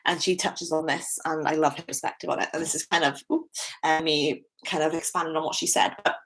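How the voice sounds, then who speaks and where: A woman's voice: low-pitched, fairly even intonation, fairly quick, a bit bright. A young British woman giving a candid, chatty solo podcast talk, with frequent fillers and restarts. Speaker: podcast host.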